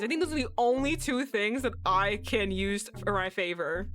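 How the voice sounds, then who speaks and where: A woman streaming herself playing a game, reacting with loud, swearing outbursts and laughter. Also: on the high side, moderate pace, few pauses, soft background music. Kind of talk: livestream game commentary.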